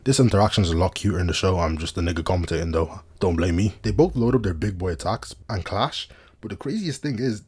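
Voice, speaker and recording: A man's voice: low-pitched, animated, fast, a little mellow, husky. A young man giving casual, slangy recap commentary over anime footage, with joking asides.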